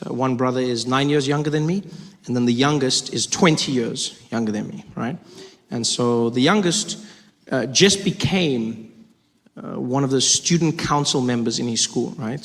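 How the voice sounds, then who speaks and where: A man doing a stand-up comedy set, telling stories in a playful, lively way on a large stage. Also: mid-range voice, normal speed. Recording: long hall reverb, faint noise.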